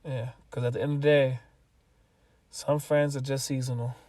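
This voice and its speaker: A man's voice: mid-range voice, moderate pace, recorded from a distance, heavy background noise. A young man co-hosting a podcast, chatting casually and joking from inside a car. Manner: animated, joking, laughs often. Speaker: podcast co-host. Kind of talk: casual chat.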